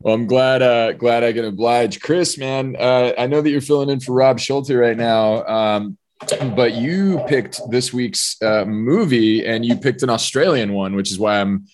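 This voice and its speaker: A man's voice: medium pitch, unhurried, background noise. A man co-hosting a casual movie podcast, jokey and loose, with many fillers. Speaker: podcast co-host.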